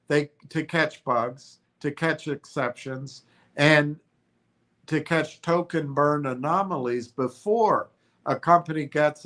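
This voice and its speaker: A man with a stuffy, congested voice hosts a casual stock livestream. He talks slowly and haltingly, often restarting and correcting himself as he reads his notes aloud. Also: a little high, fairly bright tone. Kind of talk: casual stream commentary, reading notes aloud.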